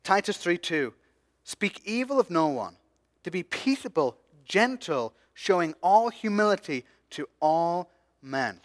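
A man preaching a sermon as pastor, passionate, swinging from hushed asides to loud emphatic peaks. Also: sits high, very animated, measured pace, no echo, clean studio sound.

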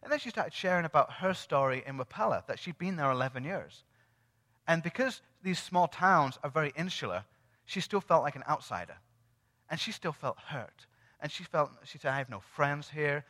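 A man telling a testimony from the pulpit as a sermon, animated and acting out the dialogue. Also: on the high side, normal speed. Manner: animated storyteller who acts out quoted dialogue. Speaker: church speaker sharing a testimony. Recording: long reverb of a large hall.

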